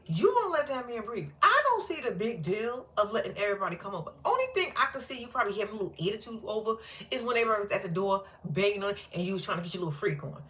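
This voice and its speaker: A woman giving casual reaction commentary on a reality TV episode. Her pitch swings widely as she talks, and her tone is bright and forceful. She is blunt and profane, with frequent laughter. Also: very animated, racing. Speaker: reality TV recap host.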